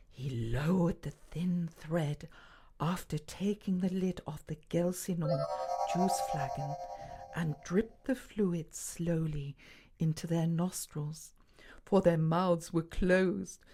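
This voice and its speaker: A woman narrating a children's story gently, often dropping to a hushed whisper. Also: fairly low pitch, breathy edge. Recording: faint music behind.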